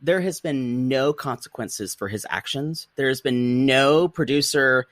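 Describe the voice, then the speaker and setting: A man's voice: medium pitch, measured pace, dry recording, clean studio sound. A man hosting a podcast in a gossipy, campy casual chat, often restarting his sentences. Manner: animated, campy and gossipy, repeats words when starting. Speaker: podcast host.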